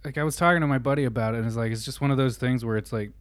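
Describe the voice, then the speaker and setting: A man's voice: mid-range voice, racing, clear, resonant tone, no room sound. A young adult man telling a rambling, profane story in casual chat. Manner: rambling, profane, animated retelling.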